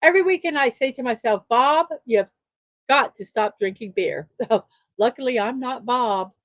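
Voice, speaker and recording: A woman with a high voice hosts a casual livestream, reading out jokes in a chatty, upbeat way and chuckling along. She sits close to the mic in a dry, deadened room. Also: moderate pace, fairly bright tone, no echo. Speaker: livestream show host.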